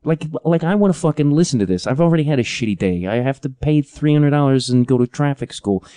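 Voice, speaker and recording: A man in his thirties hosts a comedic podcast monologue, griping about everyday annoyances in a profane, rambling way. His voice is mellow and relaxed, recorded dry and close with no room sound. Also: medium pitch, fast, clean tone, dry recording. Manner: profane, exasperated, rambling with restarts. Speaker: podcast host.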